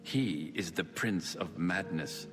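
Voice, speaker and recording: A man's voice: low-pitched, slow pace, a bit bright, faint music behind. An actor voicing a dry, condescending male servant of a mad god in a video game. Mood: sardonic. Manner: condescending, sardonic. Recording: game audio with long reverb.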